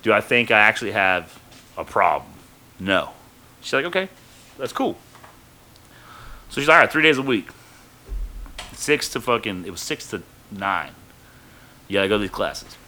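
A man's voice: fairly low pitch, sing-song, moderate pace, long pauses, sharp tone. A man casually telling a rambling, profane story from his own life on a podcast, full of fillers.

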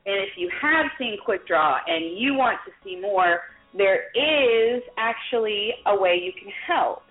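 A woman's voice: medium pitch, lively intonation, a little slow. A woman hosting a drinking trivia show as quizmaster, talking in a loose, folksy way with lots of ums and uhs. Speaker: game show host and quizmaster. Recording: tinny lo-fi sound in an echoey room.

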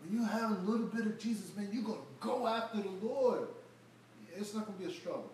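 A man's voice: sits high, brisk, darkish tone, a little hiss or hum. A man preaching a verse-by-verse sermon, acting out the Bible characters in casual everyday speech. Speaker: pastor. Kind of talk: expository sermon. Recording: echoey room, voice from far off the mic.

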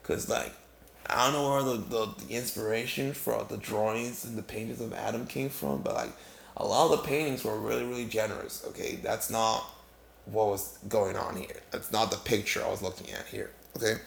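Brief: male comic storyteller, very gravelly voice, loose rambling delivery, echoey room. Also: fairly low pitch, steady tone, moderate pace, slight background noise. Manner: casual, filler-heavy, rambling with many restarts. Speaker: comedic storyteller. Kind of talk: rambling comedic monologue.

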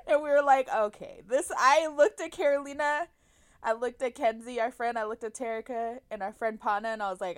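A woman in her twenties chatting casually as a podcast co-host, an excitable storyteller who acts out screams. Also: a little high, brisk, clear, resonant tone, no room sound, studio quality. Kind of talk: casual chat.

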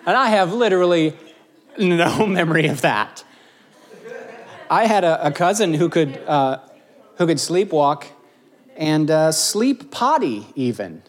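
A man's voice: fairly high pitch, lively intonation, measured pace, pauses often. A middle-aged man preaching a casual, joking sermon, telling self-mocking stories to his audience. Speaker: pastor.

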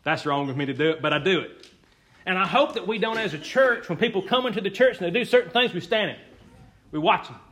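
A man's voice: high voice, lively intonation, brisk, fairly bright tone. A man preaching a folksy sermon as pastor, chuckling often and repeating his key phrases.

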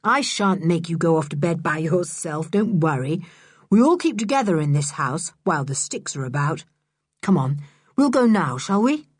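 A woman's voice: fairly low pitch, moderate pace, husky, dry recording, studio quality. A woman doing a cool, mocking eldest boy. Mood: calm. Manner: calm, dryly sarcastic.

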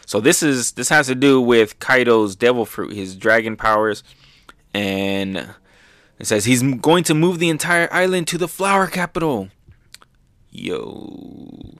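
A man hosting a manga review show, recapping chapters in a loose, excitable way, swearing freely and filling gaps with "um" and "like". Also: mid-range voice, no echo, clean studio sound.

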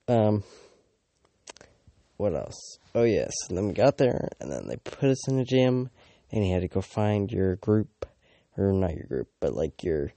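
A man's voice: low-pitched, big pitch swings, unhurried, pauses often, mellow, dry recording. A teenage boy from Canada telling a rambling storytime, full of fillers and swearing, with mocking asides. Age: teens. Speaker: vlogger.

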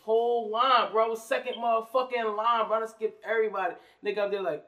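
A man's voice: high voice, level tone, fast, sharp tone, distant mic, lo-fi sound. A man hosting a casual podcast, telling stories with loose, profane banter. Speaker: podcast host.

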